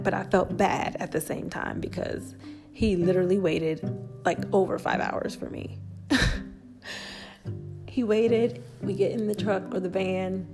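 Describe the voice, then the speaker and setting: A woman vlogger casually telling a travel story, chatty and lively, acting out the people she quotes. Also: mid-range voice.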